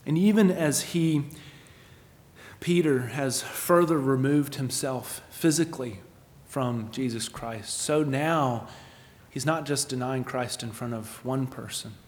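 A man preaching a sermon, asking rhetorical questions and moving between emphatic lines and hushed ones. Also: mid-range voice, takes it slowly, long reverb tail. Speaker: pastor.

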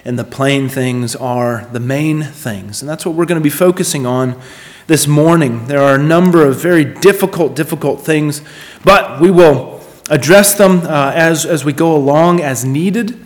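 Male pastor, expressive pulpit delivery with a slightly high voice, recorded in a reverberant sanctuary. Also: moderate pace. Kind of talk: sermon with scripture reading. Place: church sanctuary. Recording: long reverb of a church hall.

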